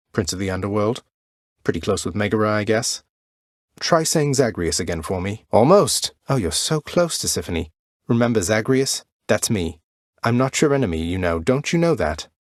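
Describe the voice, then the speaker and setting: Wry young underworld prince, a man voicing him, low-ish voice, dry booth recording, game voice lines. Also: no room sound, natural voice. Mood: coaxing. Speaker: video game protagonist.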